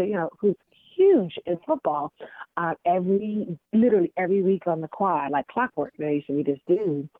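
Lady in her 40s, chatty and animated, lots of "and, and" restarts, tinny phone line, dry sound. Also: lowish voice, no room sound. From American South. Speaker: interview guest. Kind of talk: casual storytelling chat.

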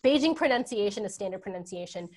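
A woman's voice: medium pitch, lively intonation, quick pace, darkish tone. A woman scholar answering audience questions in a talk, thinking aloud with many fillers and tag questions. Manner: hesitant, many ums and rights. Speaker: guest scholar. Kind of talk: academic Q&A answer.

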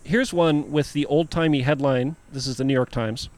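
A man's voice: medium pitch, steady tone, normal speed, darkish tone. A man co-hosting a casual podcast, explaining a topic in a storytelling, lecture-like way. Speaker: podcast co-host. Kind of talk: casual chat.

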